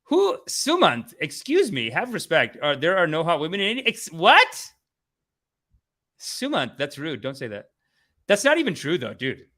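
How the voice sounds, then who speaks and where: Animated, bright-voiced comedian ranting. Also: male voice, fairly high pitch, normal speed. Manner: animated, swears, acts out voices. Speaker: comedian host. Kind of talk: casual comedic rant.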